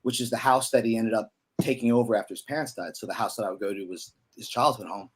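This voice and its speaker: A man's voice: lowish voice, quick pace, slightly rough. A man in his thirties from Pennsylvania, a musician guest telling stories in a loose, chatty way full of fillers and slang. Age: 30s. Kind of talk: casual storytelling.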